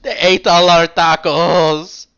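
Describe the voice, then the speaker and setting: A man's voice: mid-range voice, little pitch movement, brisk, pushed and bright, clear, resonant tone, highs cut off, close to an everyday voice. A man playing melodramatic wailing agent Rook. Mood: anguished. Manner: over-the-top wailing, sarcastic.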